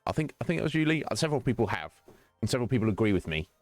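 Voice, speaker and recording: A man's voice: mid-range voice, sing-song, very fast, no echo, soft background music. A male streamer chatting casually with viewers during a game stream, rambling and teasing, laughing often.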